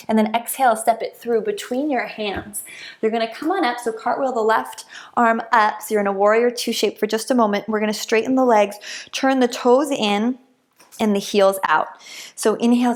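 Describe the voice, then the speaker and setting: A woman guiding a yoga flow in a calm, encouraging voice. She paces her cues to the breath and fills the pauses with soft hums. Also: fairly high pitch. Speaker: yoga instructor. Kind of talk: guided yoga class instruction.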